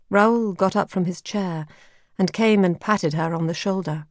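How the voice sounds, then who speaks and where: A woman narrating an audiobook in a measured, calm way, recorded close to the mic. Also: lowish voice, no room sound.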